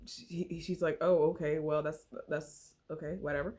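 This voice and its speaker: Speaking low at a normal speed, this woman has a dark tone. She's a book reviewer giving an easygoing plot rundown, loose and full of filler words.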